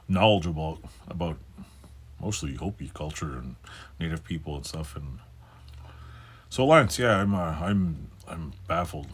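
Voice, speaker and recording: A man's voice: sits low, husky. A man in his fifties talking casually in a personal vlog, rambling and swearing, with many fillers and restarts. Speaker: channel host.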